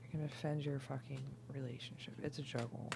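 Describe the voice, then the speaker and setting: A tipsy woman doing a casual, rambling tarot reading, swinging between loud outbursts, laughter and whispers. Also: rumbling low, fairly even intonation, quick pace, vocal fry, very noisy. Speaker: tarot reader.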